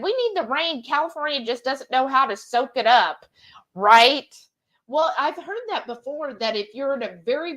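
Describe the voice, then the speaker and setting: A fairly high-pitched woman co-hosting a live cooking stream greets viewers by name and reads their comments out loud in a lively, animated way.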